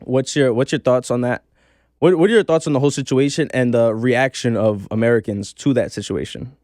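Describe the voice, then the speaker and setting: A man hosting a podcast, asking questions casually and in a relaxed way. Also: mid-range voice, a little fast, no echo, studio quality. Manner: relaxed, brief questions and agreement. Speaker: podcast host.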